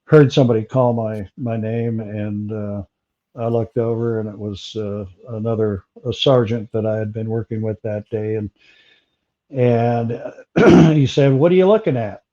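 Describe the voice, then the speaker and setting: A man telling an interviewer about a personal encounter, pausing often with fillers and restarts. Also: lowish voice, fairly even intonation, dark tone, highs cut off. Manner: halting, many fillers and restarts. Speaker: interview guest.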